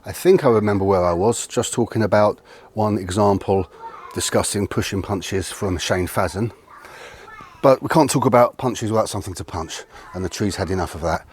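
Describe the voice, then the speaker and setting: A man's voice: on the low side, moderate pace, a little hiss or hum. A man explaining punching technique in a conversational, self-correcting way, a little out of breath. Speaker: martial arts instructor. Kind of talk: explanatory video lesson. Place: outdoors near a tree.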